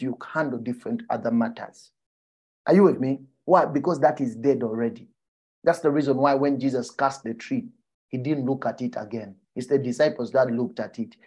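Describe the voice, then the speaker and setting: A man preaching a sermon, often asking his listeners whether they follow him and dropping to a soft, low voice for emphasis. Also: husky. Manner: animated, checks in with the listeners.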